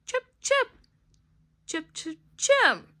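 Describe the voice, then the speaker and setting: A woman's voice: very high voice, big pitch swings, drawn-out words, sharp tone, voice pushed up, full character voice. Tiny chirping baby chick, as a woman puts it on. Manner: chirps only, repeating its call.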